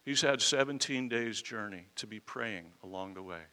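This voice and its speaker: A man's voice: lowish voice, moderate pace, pushed and bright. A man preaching an expository sermon in an emphatic, conversational way, with rhetorical questions and folksy asides.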